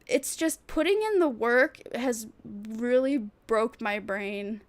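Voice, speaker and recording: A woman's voice: fairly high pitch, expressive, slow pace, hardly any pauses. A woman VTuber chatting casually on a livestream, rambling and thinking aloud with frequent giggles. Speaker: VTuber streamer.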